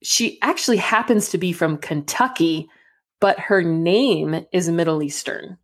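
Lively young woman telling a story. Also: fairly low pitch, a little slow. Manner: animated storyteller who acts out dialogue. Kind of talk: casual chat.

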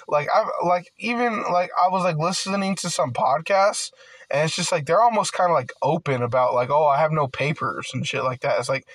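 A young male vlogger rants casually, rambling with nonstop filler words and swearing, and at times he gets loud and heated. His voice sits on the high side, and the recording is dry.

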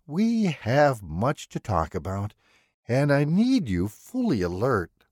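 A man voicing a calm, polite killer in an audiobook, speaking in a precise, mannered and coolly threatening way. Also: mid-range voice, slow pace, dry recording, clean studio sound, voice pushed up, heavily acted. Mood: menacing. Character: calm, menacing male killer, polite and unhinged.

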